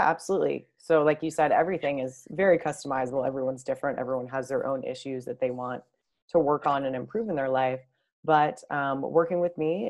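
Woman, life coach, podcast guest, low-pitched, friendly, talkative, lots of fillers. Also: darkish tone. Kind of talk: casual podcast interview.

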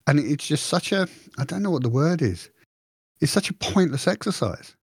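A man co-hosting a podcast, chatting in a rambling, animated way with frequent restarts. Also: a little high, normal speed, husky, dry recording, clean studio sound. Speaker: podcast co-host. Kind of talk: casual chat.

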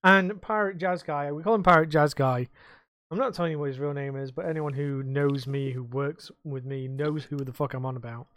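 A man co-hosting a podcast, his voice sitting slightly high for a man. He tells rambling stories casually and swears freely. The recording is dry, with little room sound. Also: fairly quick, fairly bright tone, dry recording. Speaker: podcast co-host; bar worker.

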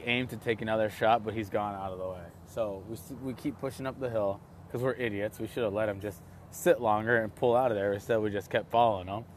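A young man with a fairly low voice tells a story in a loose, excitable way, stumbling over restarts and fillers as he goes. He is recorded outdoors, with faint traffic and vehicle noise in the background. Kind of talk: casual storytelling.

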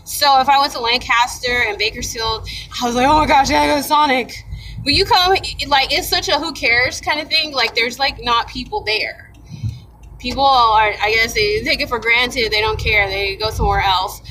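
Chatty young woman from Ohio, slangy and excitable, fairly high voice, steady car noise behind. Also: moderate pace, poor audio. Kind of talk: casual vlog storytelling.

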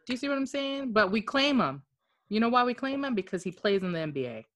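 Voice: mid-range voice, sing-song, fast, fairly bright tone. A podcast co-host in casual chat, talking earnestly and rambling with many fillers.

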